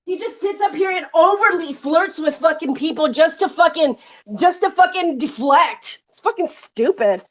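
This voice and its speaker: A woman's voice: very high voice, slight background noise. A woman hosting a live stream, ranting angrily and swearing heavily about a rival. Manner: heated, profane, rapid-fire complaining. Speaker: livestream host. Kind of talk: angry live-stream rant.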